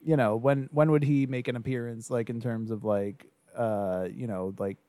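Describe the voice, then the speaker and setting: A man's voice: medium pitch, fairly even intonation, normal speed, warm tone, dry recording. A man hosting a podcast, easygoing in a casual brainstorming chat, laughing often and asking his guest questions. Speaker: podcast host.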